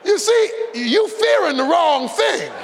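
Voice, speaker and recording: Male preacher, very high and animated voice, folksy and shouting, in a sanctuary with long reverb. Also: slow, a crowd in the background, background noise. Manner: fiery, shouting and drawing out words for emphasis; preaching with a folksy, conversational edge. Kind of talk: sermon.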